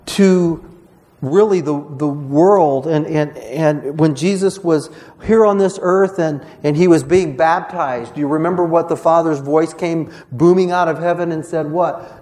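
A man's voice: a little high, unhurried, mellow. A man preaching a sermon as pastor, conversational and earnest, often restarting phrases and voicing quoted speech.

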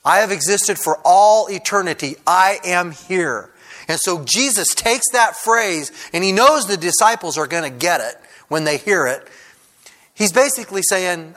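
A male pastor preaching a sermon in a relaxed, conversational way, often saying "kind of" and "uh". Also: high-pitched, measured pace. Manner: conversational, frequent "kind of" and "uh" fillers.

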